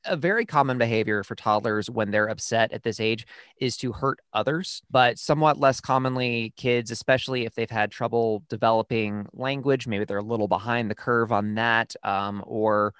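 A man co-hosting a casual parenting chat, explaining things in a steady, reassuring way. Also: medium pitch, moderate pace, clear, resonant tone, no room sound. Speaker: podcast co-host and parent.

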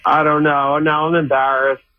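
A man's voice: on the high side, level tone, normal speed, no echo. A sheepish, apologetic man with an American accent, calling in to a radio show. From Canada. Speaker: caller. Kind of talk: casual chat on a phone call. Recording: tinny phone line.

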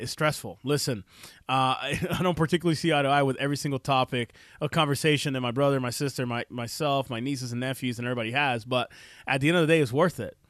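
A man's voice: medium pitch, no echo, studio quality. Heartfelt man hosting a talk show. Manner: heartfelt, emotional, preachy. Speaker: show host. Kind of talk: personal story and advice on a talk show. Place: Ohio.

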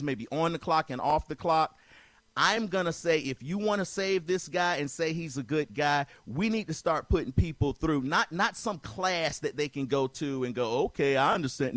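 A man's voice: fairly high pitch, fairly bright tone, no echo. A man hosting a talk show, arguing insistently, often repeating himself and talking over his co-host. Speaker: podcast host. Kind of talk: heated debate.

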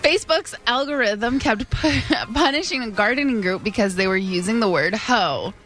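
A woman's voice: on the high side, expressive, normal speed, a bit bright, soft background music. A woman co-hosting a radio comedy show who giggles as she reads her jokes. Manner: giggly, playful. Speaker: radio co-host. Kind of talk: joking banter.

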